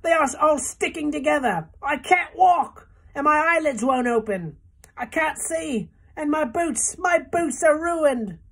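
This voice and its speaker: Storybook centipede, male, panicky and shrill, wailing high; a woman reader doing the voice. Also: animated, a little slow. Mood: panicked. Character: frantic shrieking male centipede, boastful.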